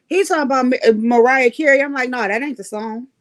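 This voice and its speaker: A woman hosting a livestream, telling stories in an animated way, laughing often and swearing freely. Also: high voice, fast, few pauses. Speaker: livestream host. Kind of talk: casual storytelling chat.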